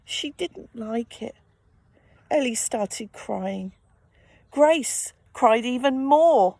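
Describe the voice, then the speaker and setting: A woman reading a children's picture book aloud, gently expressive and adding sympathetic asides. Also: on the high side, drawn-out words, vocal fry, slight background noise. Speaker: storyteller.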